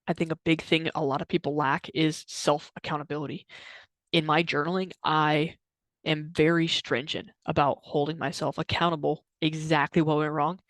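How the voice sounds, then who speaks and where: A young adult man giving an energetic motivational talk to camera, repeating himself and using lots of fillers. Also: a little high, normal speed, no echo. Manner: energetic, repetitive, filler-heavy. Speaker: trading coach vlogger.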